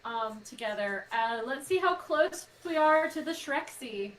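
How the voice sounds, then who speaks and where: High-voiced giggly woman on a livestream. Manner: giggly, excitable, quick jokey asides. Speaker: podcast co-host on a charity stream. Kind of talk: casual livestream chat.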